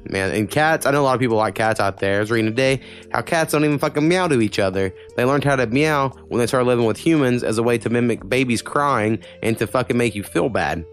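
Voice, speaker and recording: A man's voice: mid-range voice, expressive, faint music behind. A man co-hosting a casual podcast, blunt and swearing freely, speeding up in bursts as he rants. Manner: blunt, swears a lot, talks in quick bursts. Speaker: podcast co-host.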